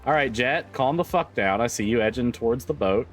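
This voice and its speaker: A man's voice: mid-range voice, animated, a little fast, faint music behind. Laughing, swearing man streamer. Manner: laughs often, swears freely, rambling with restarts. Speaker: livestreamer. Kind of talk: casual chat with stream viewers.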